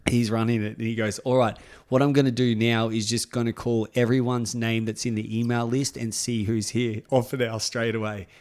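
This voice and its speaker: A man's voice: mid-range voice, moderate pace. A man co-hosting a casual podcast, telling a story with lots of swearing and laughter. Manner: animated, swearing, laughs through his story. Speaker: podcast co-host.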